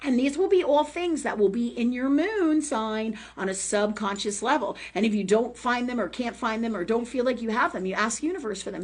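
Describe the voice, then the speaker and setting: A woman's voice: fairly high pitch, expressive, brisk, hardly any pauses. A woman hosting a live online talk forum, chatting casually and animatedly about astrology, swearing often and tagging her points with "right?". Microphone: livestream setup.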